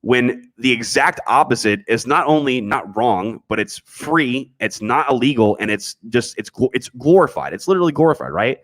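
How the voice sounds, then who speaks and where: A man's voice: medium pitch, expressive, moderate pace, few pauses, fairly bright tone. A man hosting a casual livestream podcast, reading chat messages and answering them bluntly, with frequent restarts and slang.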